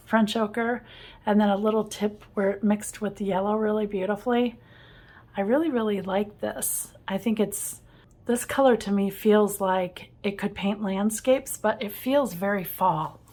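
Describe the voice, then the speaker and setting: A woman's voice: medium pitch, steady tone, measured pace. Cheerful woman teaching watercolor painting. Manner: warm, enthusiastic, often laughing softly. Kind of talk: casual painting tutorial. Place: home art studio.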